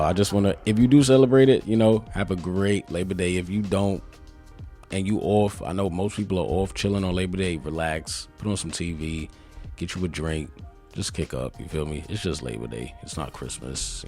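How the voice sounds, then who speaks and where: Dude with a super deep voice doing a chill solo podcast, talks loose and personal, faint music under it. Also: male voice, normal speed, mellow. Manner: laid-back, conversational, frequent "you feel me" asides. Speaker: podcast host. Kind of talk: casual solo podcast monologue.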